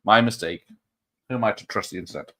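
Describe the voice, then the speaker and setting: A man's voice: fairly low pitch, fast, a bit bright. A man hosting a casual live stream, rambling through comments with frequent fillers and chuckles. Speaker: host of a live show.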